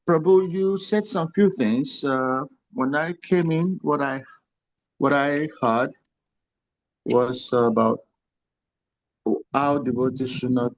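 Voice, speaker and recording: A man's voice: mid-range voice, dry recording, rough recording. A man from the audience on a video call, respectfully and hesitantly working up to his question. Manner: respectful, hesitant, with many pauses. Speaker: audience member asking a question.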